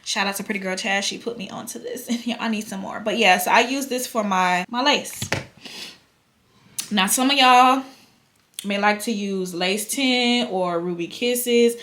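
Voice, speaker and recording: A woman's voice: mid-range voice, unhurried, a bit bright. A young woman talks casually to her viewers from home. Her chat is loose and full of slang, and she keeps calling her audience y'all. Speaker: vlogger doing a wig install.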